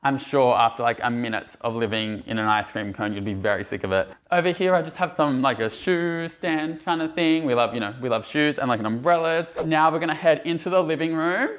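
A man's voice: mid-range voice, a little fast, few pauses, a bit bright. A young man giving a bubbly, gushing tour of his small apartment in casual vlog chat, full of "like" fillers, recorded indoors on a handheld camera.

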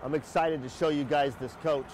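A man's voice: fairly high pitch, fairly even intonation, normal speed, a little mellow. A man hosting a casual live sales walkthrough outdoors beside a motorhome, upbeat and chatty with frequent fillers. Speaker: host of a sales livestream. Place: outdoors by a motorhome near a highway.

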